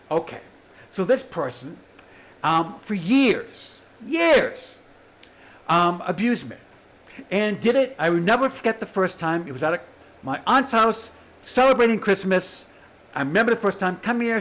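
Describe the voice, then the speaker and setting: A man with a notably high voice hosts his own livestream. He talks in a heated, sarcastic rant, swearing freely as he goes. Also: a bit bright, low-quality recording. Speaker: livestream host.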